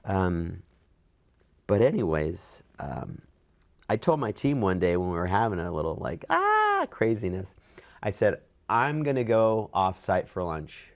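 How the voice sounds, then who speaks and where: Middle-aged guy telling a story in an interview, lowish voice, bumps his pitch up to act out what people said. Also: a little slow. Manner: animated, acts out quoted dialogue with raised pitch. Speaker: interviewee, events program manager. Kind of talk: storytelling in an oral history interview.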